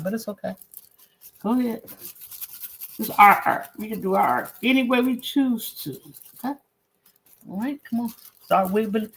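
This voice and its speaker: A woman's voice: medium pitch, breathy edge. Chatty woman teaching a painting stream. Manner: chatty, encouraging, talks straight to viewers; warm slangy banter with chat. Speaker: art teacher. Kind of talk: live-streamed painting lesson.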